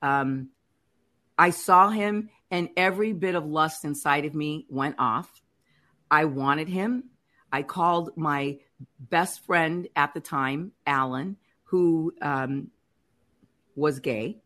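A woman's voice: low voice, takes it slowly. A middle-aged woman candidly telling a personal faith testimony on a podcast, acting out what people said. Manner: candid, animated retelling with acted-out quotes. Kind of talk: personal testimony, casual storytelling.

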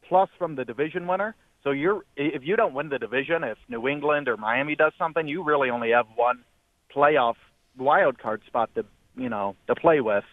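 A man's voice: mid-range voice, dry recording. A man calling into a sports radio show, working through his points one by one. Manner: methodical, listing points one by one. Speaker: caller. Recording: phone line.

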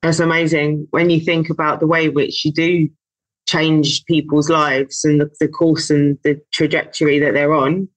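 A woman's voice: low voice, flat delivery, normal speed, no echo, low-quality recording. A woman hosting an interview podcast, responding to her guest with short affirming remarks. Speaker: podcast host.

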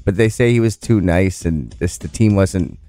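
A man's voice: low voice, normal speed, dry recording, faint music behind. A man co-hosting a morning radio show in casual, chatty banter full of fillers. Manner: chatty, animated, lots of fillers.

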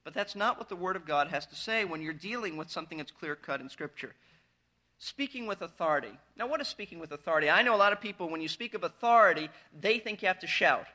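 A man's voice: high-pitched, lively intonation, quick pace, pushed and bright. A man preaching a verse-by-verse sermon as pastor, earnest and emphatic, pressing his points harder as he goes.

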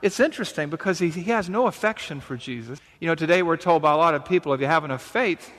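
A man's voice: a little high, lively intonation, quick pace, a bit bright. Man preaching in a reverberant space. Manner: conversational preaching with rhetorical questions. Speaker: pastor. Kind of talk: sermon.

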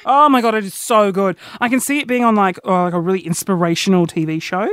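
A woman's voice: mid-range voice, steady tone, quick pace, soft background music. A young woman hosting a solo podcast, chatting casually and rambling from one giggly tangent to the next. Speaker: podcast host.

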